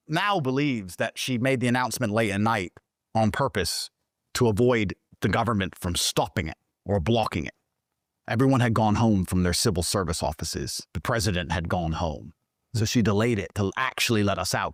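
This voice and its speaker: A man from Britain, a guest in an interview, telling a story in a heated, profane way and swinging into high, excited outbursts. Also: a little fast, no room sound, studio quality.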